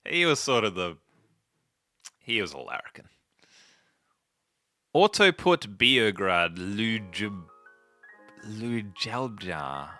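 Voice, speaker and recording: A man's voice: fairly low pitch, bright, forceful tone. A man chatting and joking casually while playing a game, rambling into stories as he goes. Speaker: gaming video host. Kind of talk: casual gameplay commentary.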